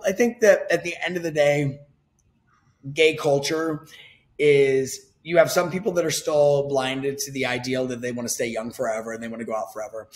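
A man in his forties talking openly as an interview guest, emphatic and quick to swear. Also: a little high. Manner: candid and emphatic, swears freely. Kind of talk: casual conversation.

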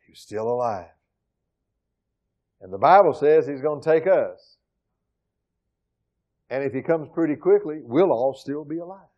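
A middle-aged pastor preaching in a church with a fairly high-pitched voice. He talks emphatically, jumping between loud, driving points and quiet, near-muttered asides to the congregation. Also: animated, unhurried, pauses often. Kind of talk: sermon. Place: church sanctuary.

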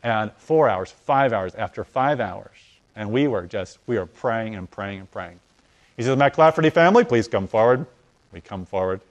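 A man telling a story in conversation, acting out the dialogue as his voice swings from loud to hushed. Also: fairly low pitch, moderate pace, muffled recording. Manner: animated, acts out dialogue with voice rising and falling. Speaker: guest telling a testimony.

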